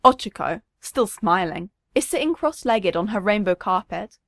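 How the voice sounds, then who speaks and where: A woman narrating a story, reading with expressive, varied intonation. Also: mid-range voice, moderate pace, dry recording.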